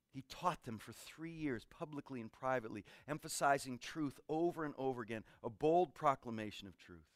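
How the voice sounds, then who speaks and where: A man's voice: fairly high pitch, normal speed, no room sound, studio quality. A man preaching and teaching a group, asking questions and telling stories from his own life. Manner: animated, asks the audience questions, tells stories. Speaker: pastor. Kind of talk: interactive sermon teaching.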